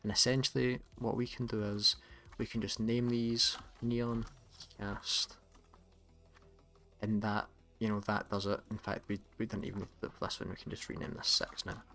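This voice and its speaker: A man with a Scottish accent, hosting a casual tutorial in a relaxed, chatty way with some self-corrections. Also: fairly low pitch, moderate pace, creaky. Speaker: tutorial host. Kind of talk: casual screen-recorded tutorial.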